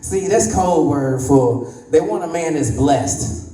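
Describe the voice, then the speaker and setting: A man's voice: on the high side, lively intonation, slow, warm tone. A man in his thirties doing a stand-up comedy set, acting out voices and laughing at his own jokes. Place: comedy club stage. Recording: echoey room, voice slightly distant.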